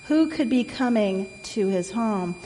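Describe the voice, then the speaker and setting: A woman reading a picture book aloud in a gentle way, asking the listener questions, recorded in an echoey room with a faint hum. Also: a little high, expressive, measured pace. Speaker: storyteller.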